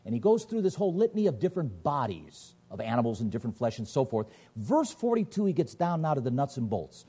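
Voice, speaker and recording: A man's voice: sing-song, quick pace, few pauses, dark tone, breathy edge. A man preaching a sermon, emphatic, firing rhetorical questions and reading scripture aloud. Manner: emphatic, rhetorical questions, sweeping pitch swings.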